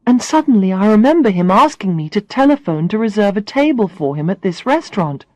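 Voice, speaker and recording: A woman reading a first-person story aloud for English learners, clearly and expressively. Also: mid-range voice, big pitch swings, brisk, mellow, dry recording. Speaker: audiobook reader.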